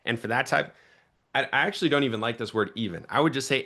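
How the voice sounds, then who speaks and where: A young man coaching a sales team in an energetic teaching talk, shifting his pace and volume to stress points. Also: medium pitch, fast talker. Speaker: sales trainer.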